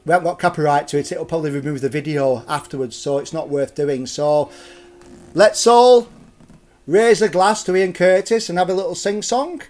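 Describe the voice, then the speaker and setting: Man, middle-aged, fairly high pitch, chatty, jokey, digressive storytelling host. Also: normal speed, darkish tone. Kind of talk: live-streamed folklore storytelling.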